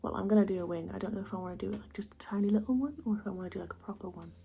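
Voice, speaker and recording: Soft-spoken woman with gravelly fry. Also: mid-range voice, steady tone, very fast. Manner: soft, often half-whispered, chatty and self-mocking. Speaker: beauty vlogger. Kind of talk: casual makeup chat.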